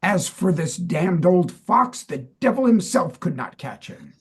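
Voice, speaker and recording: A man's voice: high voice, sing-song, measured pace, husky, heavily acted. A man voicing an exasperated old-time army lieutenant with a theatrical, old-timey delivery.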